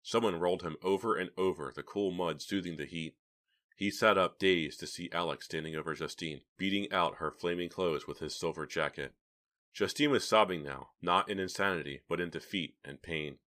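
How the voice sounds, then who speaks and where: A man narrating a horror novel as an audiobook reader, in steady, dramatic storytelling. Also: low-pitched, normal speed. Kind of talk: scripted narration.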